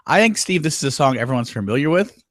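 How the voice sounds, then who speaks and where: A man's voice: medium pitch, very animated, fast talker, a bit bright, dry recording. A man co-hosting a casual podcast, rambling and self-deprecating with lots of fillers. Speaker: podcast co-host.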